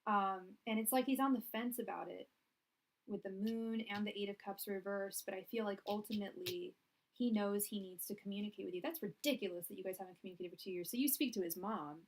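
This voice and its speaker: A woman's voice: mid-range voice, fast. A young woman doing a live tarot reading, chatty and rambling, full of fillers and restarts, projecting her voice. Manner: projecting loudly so the audio carries. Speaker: tarot reader.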